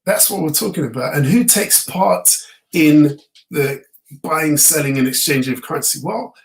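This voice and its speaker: A tired man teaching a live online trading lesson. He explains things in a relaxed way, with many fillers and restarts. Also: a little high, normal speed, low-quality recording. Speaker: trading course instructor.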